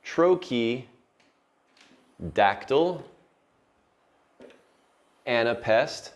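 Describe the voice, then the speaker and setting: Male teacher, unhurried classroom lecture, keeps checking in with "right?". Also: mid-range voice, animated. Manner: slow, patient, checks in with "right?".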